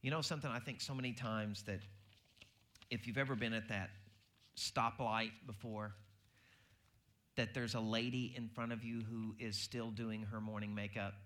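A man's voice: fairly low pitch, normal speed, pauses often. A man preaching a sermon, telling everyday stories and acting out the voices in them. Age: adult with a baby due. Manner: animated storytelling, acting out quoted voices. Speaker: pastor.

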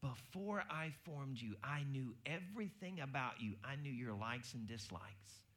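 Guy preaching a sermon, animated storytelling, acts out the voices in his stories. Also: medium pitch, measured pace. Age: adult with a baby due. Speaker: pastor.

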